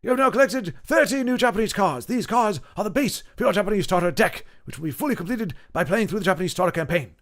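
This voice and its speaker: A man's voice: sits high, expressive, fast, few pauses, pitched above the performer's own voice. A man reading game campaign text aloud in a put-on British accent, voicing a theatrical male announcer. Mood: formal. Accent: mock British.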